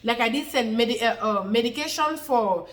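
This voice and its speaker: A woman's voice: a little high, normal speed, a bit bright, roomy sound. A woman giving an unscripted explainer on a health topic, repeating her points and using many fillers. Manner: repetitive, circles back to points, many fillers. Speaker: health educator. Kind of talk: unscripted explainer talk to camera.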